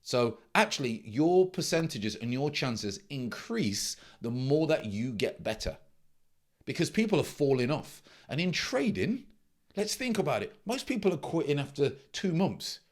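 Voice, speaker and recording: A man's voice: a little high, big pitch swings, measured pace. A middle-aged man, a trading mentor giving a blunt, emphatic casual monologue that repeats its key points.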